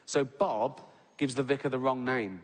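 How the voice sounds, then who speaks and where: A man performs a stand-up set on stage in a large theatre, telling a story, laughing, and frequently tagging lines with "right?" His voice is medium-pitched at a moderate pace, and the live hall reverb comes with audience noise.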